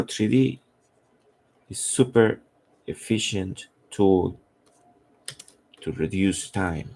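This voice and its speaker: A man, a comic artist who is losing his voice, thinking aloud in halting, rambling commentary while he draws on a live stream. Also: sits low, creaky, darkish tone, breathy edge.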